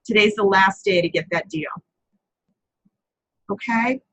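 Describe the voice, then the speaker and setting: A woman's voice: medium pitch, measured pace, fairly bright tone, slight background noise, rough recording. A woman hosting a live papercrafting chat, talking casually, answering viewers by name and often correcting herself as she goes.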